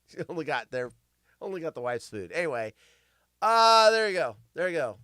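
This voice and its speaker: A man's voice: fairly high pitch, big pitch swings, normal speed, pushed and bright, smooth, no room sound, clean studio sound. A male host telling crude, self-mocking stories and riffing on the news on a live comedy show.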